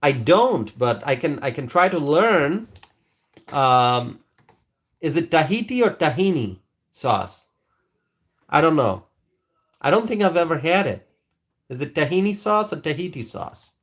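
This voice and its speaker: A man's voice: fairly high pitch, big pitch swings, measured pace, long pauses, a bit bright. A man hosting a live stream, chatting casually with viewers and reading their comments in a rambling, hesitant way. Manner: rambling, hesitant, with frequent restarts.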